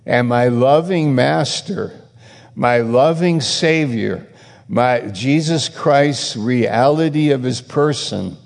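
Slow gravelly preacher in a reverberant hall. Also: male voice, medium pitch. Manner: emphatic, repetitive rebukes with rising intensity. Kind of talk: sermon.

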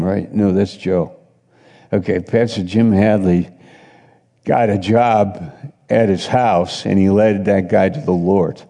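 A man's voice: lowish voice, gravelly, dark tone, big-room sound. A middle-aged man preaching a sermon, telling stories in a conversational way and acting out other people's lines. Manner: conversational storytelling preacher, voices others in quotes. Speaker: pastor.

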